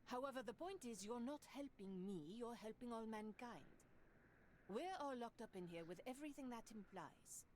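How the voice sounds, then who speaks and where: A woman's voice: on the high side, lively intonation, normal speed, darkish tone, a little hiss or hum, lightly acted. A woman voicing a stern female project director, firm and dryly sarcastic, reading game dialogue aloud. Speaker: voice reader.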